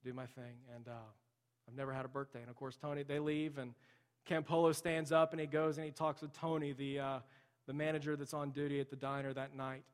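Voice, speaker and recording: A man's voice: medium pitch, level tone, a little fast, clear, resonant tone. Guy preaching, earnest and chatty, lots of ums, long echo of a big church hall. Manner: earnest, conversational, many fillers. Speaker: pastor. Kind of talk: sermon with storytelling.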